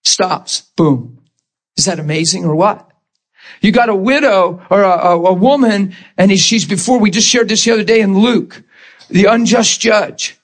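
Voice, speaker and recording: A male pastor preaching with a strikingly high voice. He builds to fervent shouts, stumbles over repeated words and talks straight to his congregation. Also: moderate pace. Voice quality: high-pitched, animated, stammering repeats. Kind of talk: sermon.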